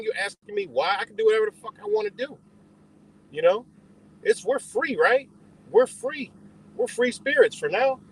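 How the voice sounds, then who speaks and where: Husky, animated man ranting on a livestream. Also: high-pitched, low-quality recording. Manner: rambling, profane, confrontational; answers chat directly. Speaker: livestream host. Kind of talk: ranting live stream talk.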